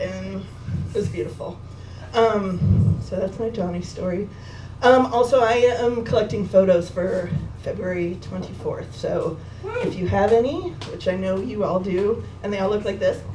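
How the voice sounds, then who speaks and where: A woman telling a personal story to an audience at a live gathering, lively and laughing, swearing freely. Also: medium pitch, moderate pace. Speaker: speaker at a memorial gathering. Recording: roomy echo, distant mic, crowd noise.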